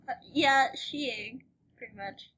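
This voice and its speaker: A woman's voice: high voice, unhurried, sharp tone, breathy edge, poor audio. A woman in a casual podcast chat, giggly and hesitant, often trailing off. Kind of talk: casual chat among friends.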